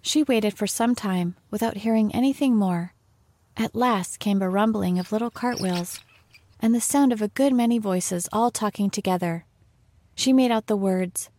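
A woman reading a storybook aloud in a measured, even way, with a voice of middle pitch for a woman. The recording is dry and close, with no room sound. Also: no room sound. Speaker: audiobook narrator. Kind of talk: scripted storybook narration.

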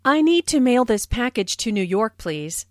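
A woman's voice: on the high side, very animated, moderate pace, no echo, studio quality. A woman playing a polite customer at a post office in a scripted lesson dialogue. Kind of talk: scripted role-play dialogue.

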